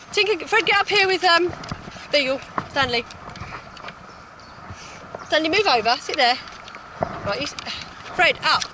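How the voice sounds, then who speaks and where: A woman dog trainer chatting on a live-streamed walk in a park, praising her dogs in a sing-song voice. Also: high-pitched. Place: outdoors in a park. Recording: outdoor phone stream with loud noise. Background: loud outdoor noise.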